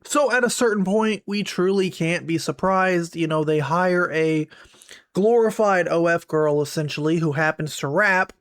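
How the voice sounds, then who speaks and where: Man, young adult, sarcastic rant, high voice, dry close mic. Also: no room sound. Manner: sarcastic, mocking. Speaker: commentary YouTuber. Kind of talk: ranting commentary.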